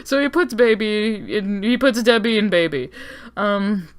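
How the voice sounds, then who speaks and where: A woman's voice: mid-range voice, a little slow, smooth. A woman hosting a casual lore breakdown, talking sarcastically with lots of swearing and joking asides. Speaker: video essay host.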